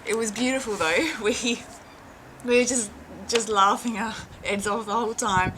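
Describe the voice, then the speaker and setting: A woman's voice: on the high side, moderate pace, noisy background. An Australian woman telling a casual story, chatty and full of fillers and restarts, often laughing.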